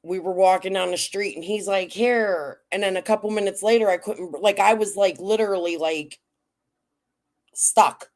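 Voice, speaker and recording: A woman's voice: mid-range voice, moderate pace, a little mellow. A woman hosting a casual livestream, chatting bluntly and cussing freely with her viewers. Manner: blunt, profane, talks straight to chat. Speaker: livestream host.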